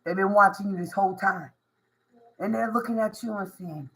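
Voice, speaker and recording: A woman's voice: medium pitch, normal speed, a bit bright, rough recording. A woman giving a tarot reading to her viewers, emphatic and preachy, full of slang and repetition. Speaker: tarot reader.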